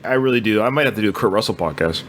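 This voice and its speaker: A man hosting a casual film podcast, enthusiastic and quick to laugh. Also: fairly low pitch, animated, fairly bright tone, a little hiss or hum. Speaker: podcast host running the film audio.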